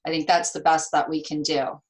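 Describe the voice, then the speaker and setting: Fifties woman, nurse guest, lowish voice, expressive storyteller. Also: fairly quick, low-quality recording. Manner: earnest, expressive, acts out quoted dialogue. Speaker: guest, registered nurse and author. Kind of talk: interview conversation.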